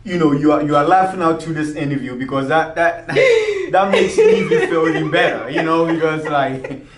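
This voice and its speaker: A man's voice: fairly high pitch, sing-song, fairly quick, distant mic. A man hosting an interview, responding with frequent murmurs and laughing along with his guest. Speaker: show host. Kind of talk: casual interview. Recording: echoey room with faint room noise.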